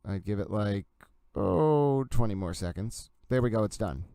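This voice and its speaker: Chatty Boston man, smooth close voice. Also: lowish voice, expressive, unhurried, warm tone, no echo. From New England. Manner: playful, self-mocking chatter while working. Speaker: livestream host. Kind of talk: casual live-stream chat.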